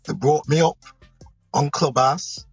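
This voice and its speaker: British guy rambling through a story, gravelly and a bit raspy, keeps checking you're with him. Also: a little high, slow, no room sound. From United Kingdom. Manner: rambling, animated storyteller who checks in with the listener. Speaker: guest, hip hop artist. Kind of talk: casual storytelling interview. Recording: lo-fi recording with faint music behind.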